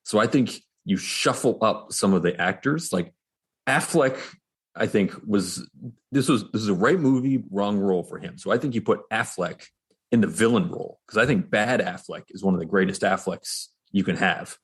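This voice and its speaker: Podcast co-host, male, low husky voice, laid-back and opinionated. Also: moderate pace. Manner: relaxed, opinionated, thinking aloud. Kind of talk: casual chat.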